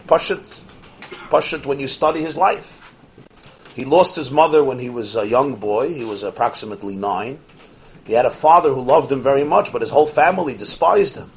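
A man teaching a Torah class, animated, posing rhetorical questions and swinging from soft asides to emphatic peaks. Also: fairly high pitch. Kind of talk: Torah lecture to an audience.

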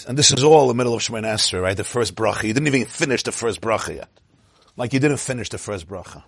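A man giving an informal Torah lecture in a lively, joking way, acting out inner voices. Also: on the low side, fast talker, husky, dry recording. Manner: animated, acts out inner voices, laughs at own jokes. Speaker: Torah class teacher.

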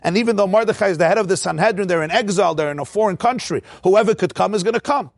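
Guy teaching a torah class, higher voice with lots of gravel, keeps asking questions then answering them. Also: racing, no echo, studio quality. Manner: explains by posing rhetorical questions. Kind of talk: text-study lecture.

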